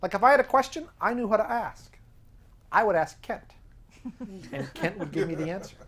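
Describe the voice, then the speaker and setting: A man hosting his own show, telling a casual anecdote in an animated, self-amused way and acting out the back-and-forth of a conversation. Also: high voice, moderate pace, slightly rough. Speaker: podcast host.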